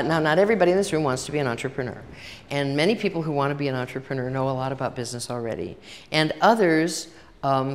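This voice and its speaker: An older woman giving a chatty workshop talk to a live audience, telling stories and acting out both sides of conversations. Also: rumbling low. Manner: chatty storytelling, acts out dialogue. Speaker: workshop speaker. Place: large hall with audience. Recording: long reverb of a hall.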